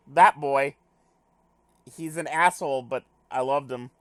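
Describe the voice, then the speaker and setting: A man playing a game on video, reading its text aloud with casual commentary, animated and swearing casually while joking at himself. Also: mid-range voice, unhurried, long pauses, dry recording, faint music behind. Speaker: let's play gamer.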